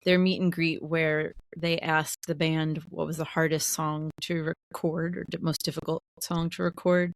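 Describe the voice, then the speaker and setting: A woman co-hosting a podcast, chatty and quick to laugh, asking questions in casual conversation. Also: deep voice, level tone, no echo, clean studio sound. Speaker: podcast co-host. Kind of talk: casual chat.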